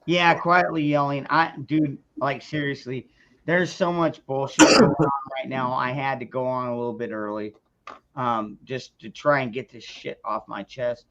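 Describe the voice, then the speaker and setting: A man's voice: mid-range voice, fairly even intonation, normal speed, a bit bright. A man ranting on a casual livestream, angry and profane, stumbling through restarts as he talks. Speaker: streamer. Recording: dull lo-fi sound.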